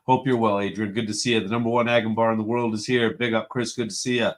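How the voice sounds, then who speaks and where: A man's voice: lowish voice, little pitch movement, quick pace. A man hosting a casual live-stream show from home, cheerfully greeting chat viewers one after another. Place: home room with a computer.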